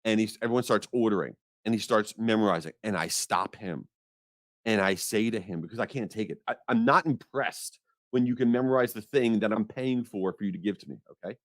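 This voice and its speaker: A man hosting a podcast, telling an exasperated, animated story in a casual rant. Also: on the low side, brisk, dry recording, clean studio sound. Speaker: podcast host.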